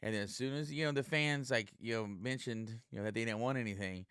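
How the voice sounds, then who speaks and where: A man's voice: medium pitch, fast talker, fairly bright tone, clean tone, no room sound, studio quality. A man hosting his own podcast, a stand-up comic rambling casually and profanely with lots of fillers. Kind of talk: casual solo podcast monologue.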